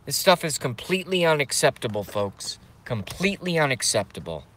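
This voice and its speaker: A man's voice: medium pitch, very animated, a little fast, fairly bright tone, a little hiss or hum. A man ranting to viewers on a live stream from his parked car, swearing and agitated.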